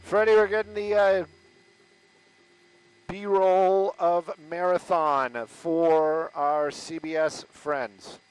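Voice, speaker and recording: Upbeat helicopter traffic reporter. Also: male voice, high-pitched, steady tone, extremely slow, clean tone, rough recording. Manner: upbeat on air, offhand and joking off air. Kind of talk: live chopper traffic report and off-air chatter. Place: in a news helicopter.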